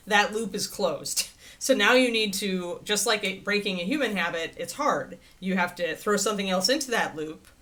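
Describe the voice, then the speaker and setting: Chatty, animated woman livestream host. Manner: chatty and rambling, with frequent laughs; animated, swinging pitch into playful quoted voices. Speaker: livestream host answering viewer questions. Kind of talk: casual chat.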